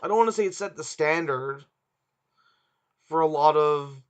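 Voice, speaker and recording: On a relaxed podcast he co-hosts, a man speaks haltingly, groping for the right words. His voice is a little high and smooth at a moderate pace, captured in muffled lo-fi audio.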